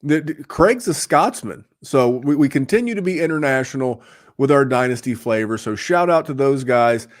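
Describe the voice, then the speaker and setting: A man's voice: mid-range voice, animated, normal speed, no room sound, studio quality. A man hosting a fantasy football podcast in casual chat, rambling with fillers and restarts. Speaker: podcast host.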